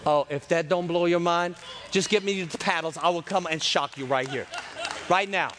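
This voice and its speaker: High-voiced animated preacher. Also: male voice, normal speed, background noise. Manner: animated, swings between loud and hushed, acts out voices. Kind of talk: lively sermon.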